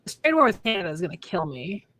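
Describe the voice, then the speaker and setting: A woman's voice: lowish voice, big pitch swings, fast talker, a bit bright. A woman co-hosting a casual livestream chat in a chatty, joking way. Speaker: co-host.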